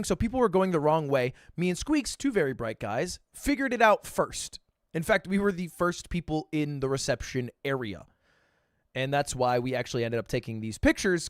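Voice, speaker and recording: A man in his twenties, a streamer telling a story in casual chat, animated and swearing, with sudden bursts of loud laughter. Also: fairly high pitch, dry recording, clean studio sound. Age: 20s.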